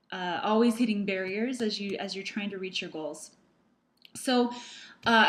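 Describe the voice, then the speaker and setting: A middle-aged woman talks straight to the camera about her work as a practitioner. She is earnest and chatty, and her sentences stumble and restart as she tells her story. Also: medium pitch. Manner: earnest, storytelling with fillers and repeats. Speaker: emotional processing practitioner. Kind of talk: casual talk to camera.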